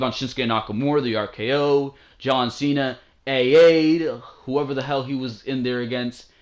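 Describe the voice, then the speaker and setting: Excitable young man reviewing wrestling. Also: mid-range voice. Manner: excitable, repeats lines for emphasis, says "bro". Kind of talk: casual commentary review. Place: at home.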